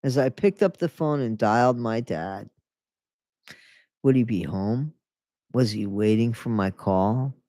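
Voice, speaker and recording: A host reads a memoir aloud, then cuts in with snide asides and laughter. The voice sits at a medium pitch. The recording is dry and close, with little room sound. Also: measured pace, pauses often, warm tone, no room sound. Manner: mocking, laughs often, sarcastic asides. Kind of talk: book reading with sarcastic commentary.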